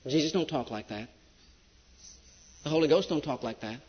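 Preacher, male, high voice, emphatic sermon delivery, dull old recording. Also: normal speed, breathy edge. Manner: emphatic, swings between loud preaching and hushed storytelling. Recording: dull lo-fi recording with long hall reverb.

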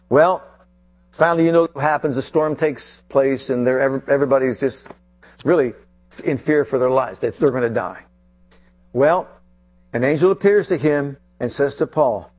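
A man preaching a sermon with passion, swinging between loud bursts and hushed, drawn-out lines. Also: on the high side.

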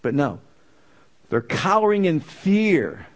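A male preacher with a slightly high voice delivering a sermon. He drives his points home by repeating phrases, growing louder and more insistent as he goes. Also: big pitch swings, slow. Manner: emphatic, repeating phrases with rising intensity.

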